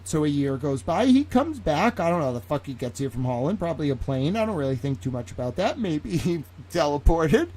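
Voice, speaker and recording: Animated, rambling man telling stories. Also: a little high, a little fast, hardly any pauses. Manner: rambling, profane, animated storytelling. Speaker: streamer. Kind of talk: casual livestream rant.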